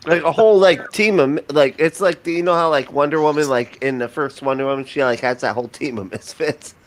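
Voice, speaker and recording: A man hosting a casual live group chat, excitable and rambling, swearing freely. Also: on the high side, a little fast. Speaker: host of a live chat stream.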